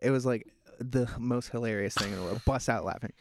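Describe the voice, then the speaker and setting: A man's voice: mid-range voice, fairly quick, noisy background. A man co-hosting a podcast, chatting casually and dropping quips while laughing along. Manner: dry quips, laughs at his own jokes. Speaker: podcast co-host. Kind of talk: casual chat.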